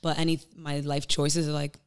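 A woman's voice: sits low, level tone, normal speed, darkish tone, clear, resonant tone. A woman guest on a podcast, telling candid, emotional stories in casual chat and acting out her own inner thoughts. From Dominican family. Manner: candid, emotional storytelling with acted-out inner quotes.

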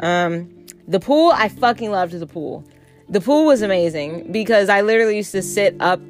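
A woman in her twenties from the Southern United States, telling candid stories straight to camera in a blunt, profane, casual way. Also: on the low side. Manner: acts out quoted customers and coworkers. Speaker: vlogger. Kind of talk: casual storytime monologue.

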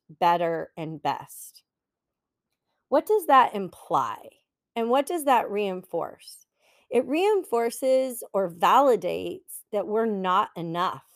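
A woman's voice: mid-range voice, no room sound, clean studio sound. A middle-aged woman hosting a solo podcast, talking in an earnest, encouraging and heartfelt way. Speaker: podcast host and coach. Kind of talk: reflective solo podcast talk.

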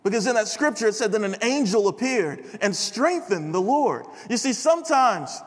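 Young guy preaching at chapel, pretty high voice, big echoey hall, chatty storytelling. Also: moderate pace. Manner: conversational, animated storytelling. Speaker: chapel speaker. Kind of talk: sermon with storytelling. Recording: reverberant hall.

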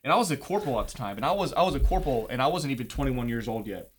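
A man's voice: mid-range voice, expressive, very fast, husky. Profane young man spinning a story. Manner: profane, laid-back storytelling. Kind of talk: casual anecdote.

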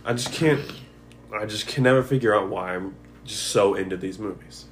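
A man's voice: lowish voice, normal speed, a little hiss or hum. A young man co-hosting a podcast, joking and rambling with lots of fillers in casual chat. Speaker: podcast co-host.

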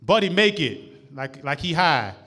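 Slangy, lively stand-up comic. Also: male voice, on the high side, unhurried, breathy edge. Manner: loose, slangy, laughs at own jokes. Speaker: stand-up comedian. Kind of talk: stand-up set. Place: comedy club stage.

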